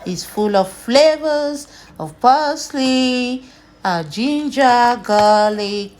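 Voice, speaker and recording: A woman from Nigeria hosting a cooking vlog, chatty and unhurried, walking viewers through her dish. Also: fairly high pitch, lively intonation, a little mellow. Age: adult, mother. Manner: slow, chatty, tastes food on camera and laughs. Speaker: cooking channel host. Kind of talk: casual cooking vlog narration.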